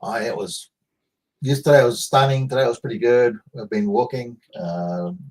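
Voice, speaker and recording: An Australian man from Adelaide chatting casually on a call, relaxed and halting, with frequent restarts. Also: medium pitch. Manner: relaxed, hesitant, laughs easily. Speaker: chat guest. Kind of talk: casual chat.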